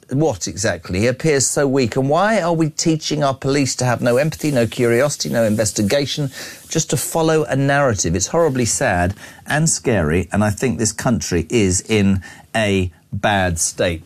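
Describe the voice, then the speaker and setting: A male talk radio host, reading out listener messages and bantering bluntly on a live breakfast show. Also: mid-range voice.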